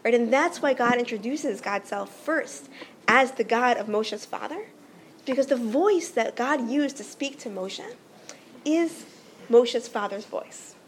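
A woman's voice: on the high side, animated, measured pace, a little hiss or hum. A woman teaching a religious text, earnest and explanatory, often checking in with "right?".

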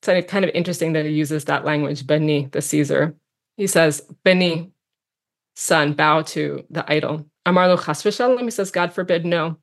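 Woman with a lowish voice reading out a text n translating it bit by bit, thinking out loud w lots of ums. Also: normal speed. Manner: reads aloud and translates line by line, musing with fillers. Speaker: teacher. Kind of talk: text study lesson.

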